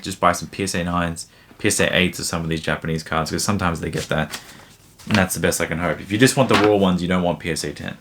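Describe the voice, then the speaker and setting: Low-voiced man rambling through viewer questions. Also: a bit bright, slight background noise. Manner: rambling, frequent fillers and self-corrections. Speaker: card seller answering viewer questions. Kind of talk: casual Q&A.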